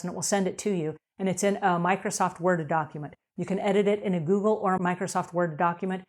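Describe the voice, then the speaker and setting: Upbeat, emphatic woman hosting an advice show. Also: fairly low pitch. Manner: upbeat, emphatic, acts out quotes. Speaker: host answering cleaning questions. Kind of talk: energetic advice show talk.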